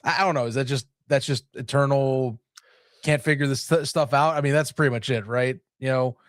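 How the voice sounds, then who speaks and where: A man's voice: mid-range voice, steady tone, brisk, a bit bright, dry recording, studio quality. A man in casual sports podcast talk, rambling and self-interrupting, laughing often.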